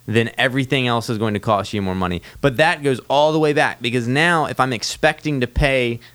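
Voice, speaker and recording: Podcast guy, middle-pitched voice, chatty, acts out his stories, laughs a lot. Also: brisk, clean tone. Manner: animated storyteller, acts out clients in his anecdotes. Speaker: podcast co-host. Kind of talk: casual podcast chat.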